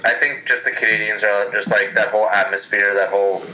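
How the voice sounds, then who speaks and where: A man's voice: fairly low pitch, flat delivery, a little fast, pushed and bright, a little hiss or hum, low-quality recording. A man chatting casually about hockey as a podcast co-host, blunt and swearing freely.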